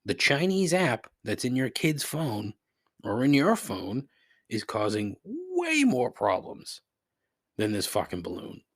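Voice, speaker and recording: A man's voice: medium pitch, wildly swooping pitch, takes it slowly, no room sound, studio quality. A man hosting a solo podcast, ranting in a sarcastic, profane, exasperated way. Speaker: podcast host. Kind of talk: casual solo podcast rant.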